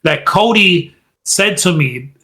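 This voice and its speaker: A man's voice: high voice, animated, slow pace, bright, forceful tone. A man co-hosting a podcast in casual chat, animatedly retelling events and acting out quotes in a raised voice. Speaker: podcast co-host.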